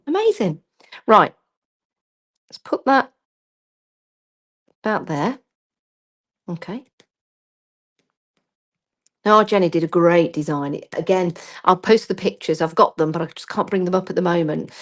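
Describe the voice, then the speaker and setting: A woman's voice: on the low side, lively intonation, unhurried, pauses often. Casual female craft host, self-deprecating, talks while she works. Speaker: craft demonstrator. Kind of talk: live crafting demo.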